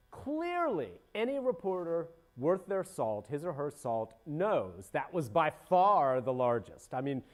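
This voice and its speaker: Animated, rambling man with a mellow voice. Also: medium pitch. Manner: rambling, animated, self-interrupting with many restarts. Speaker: podcast host. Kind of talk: casual political commentary.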